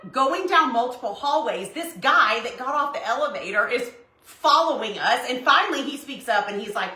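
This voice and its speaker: Animated woman telling a story. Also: sits high, moderate pace. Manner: animated storytelling, laughs often. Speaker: host. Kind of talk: casual chat while crafting. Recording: echoey room with faint noise.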